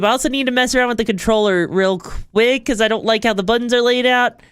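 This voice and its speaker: Over music, a VTuber streamer with a highish voice talks fast, barely pausing. She's setting up a game and chatting casually, rambling with many fillers and swearing offhandedly.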